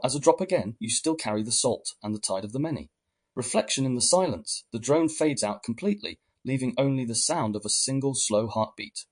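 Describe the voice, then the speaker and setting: A man giving calm scripted guided narration, speaking to the listener in the second person. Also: medium pitch, slightly rough.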